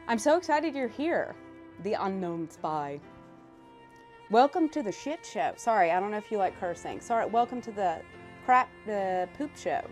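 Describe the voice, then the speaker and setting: A woman from South Louisiana with a Louisiana accent, chatting casually and rambling on a livestream, excitable and quick to swear. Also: medium pitch, faint music behind. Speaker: live streamer.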